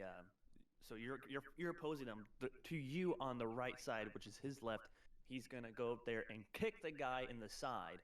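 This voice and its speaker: A man's voice: medium pitch, far from the mic. A man running a tabletop game as game master, explaining rules with many fillers and restarts.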